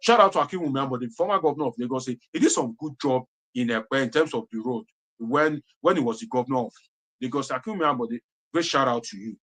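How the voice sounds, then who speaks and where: Impassioned Nigerian man with lively pitch. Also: fast. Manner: preachy, repeats phrases for emphasis, mixes in Pidgin. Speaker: political commentator. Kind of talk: impassioned political commentary.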